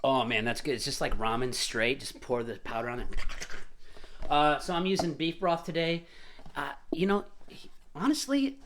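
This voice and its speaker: A man's voice: medium pitch, moderate pace, fairly bright tone. A man hosting a casual home cooking show, chatting and joking as he cooks. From Irish family roots. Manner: jokey, rambling, chatty. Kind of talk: casual live-stream cooking demo.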